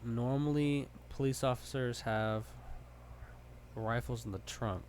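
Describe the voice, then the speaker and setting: A man's voice: mid-range voice, darkish tone, a little hiss or hum. A man playing a hypothetical scenario, answering tersely and laying out his moves step by step. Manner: terse, deliberate, plans step by step. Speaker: player. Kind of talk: casual game chat.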